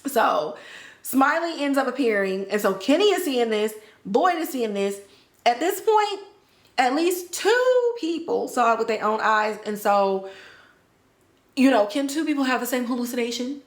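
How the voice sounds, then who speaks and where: Slangy, animated woman podcast host. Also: on the high side, unhurried. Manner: animated, slangy, acts out characters' lines. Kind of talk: casual recap chat. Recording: roomy echo.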